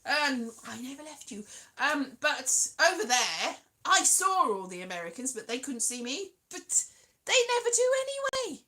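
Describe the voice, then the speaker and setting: A woman's voice: sits high, animated, unhurried, pushed and bright. A young woman vlogging in a rambling, giggly, self-mocking way, dropping to mutters and jumping to squeals. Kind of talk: rambling casual vlog chat.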